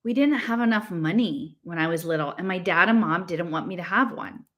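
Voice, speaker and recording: A woman's voice: on the low side, animated, a little fast, a bit bright. A woman voicing an earnest, serious teenage girl who talks insistently and reads widely, as she reads a novel aloud.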